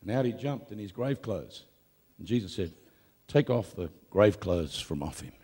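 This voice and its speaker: A man preaching a live sermon, telling stories with jokes and building to loud proclamations. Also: on the low side, moderate pace, slightly rough. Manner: lively storytelling with jokes, rising to loud proclamation. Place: church or hall with a live audience.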